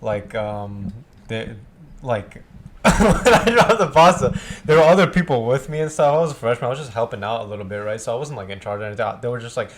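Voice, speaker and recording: A young man in casual podcast chat, telling his own story in a relaxed way and laughing as he talks. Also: mid-range voice, a little fast.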